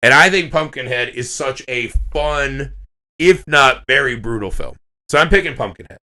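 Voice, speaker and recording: Lively, bright-voiced swearing man. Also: medium pitch, moderate pace. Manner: animated storytelling, swears freely. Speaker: podcast co-host. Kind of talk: casual chat.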